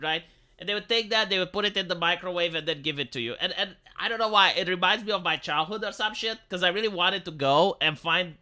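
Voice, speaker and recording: A man's voice: high voice, bright, forceful tone. A man with a Romanian accent, rambling and swearing casually as he reacts to a video on a live stream. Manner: rambling, profane, frequent restarts.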